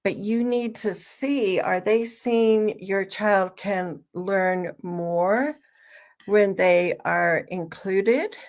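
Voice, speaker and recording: A woman giving a relaxed online training talk for parents, explaining slowly with plenty of fillers. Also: on the low side. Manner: slow, conversational explaining with frequent fillers; repeats a question with shifting emphasis.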